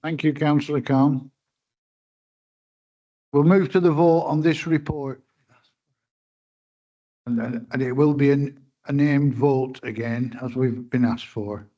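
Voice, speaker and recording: A man chairing a council meeting, brisk and procedural as he moves things to a vote. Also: medium pitch, steady tone, warm tone. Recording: dull, lo-fi chamber audio.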